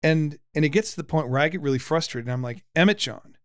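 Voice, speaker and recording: A man in his forties hosting a casual podcast chat with his son, lively and teasing, often restarting his sentences. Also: on the high side, fast, clean tone, no echo, clean studio sound. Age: 40s. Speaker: podcast host, father.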